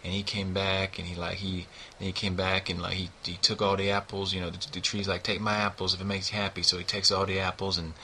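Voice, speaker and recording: A man's voice: sits low, monotone, fairly quick, few pauses, pushed and bright, a little hiss or hum. A man giving a rambling, profane book review, peppering nearly every line with "you know what I mean.".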